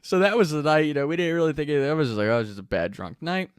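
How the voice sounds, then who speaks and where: A man casually telling a story, animated and profane, often laughing as he talks. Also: a little high, very fast, clean tone, dry recording, studio quality.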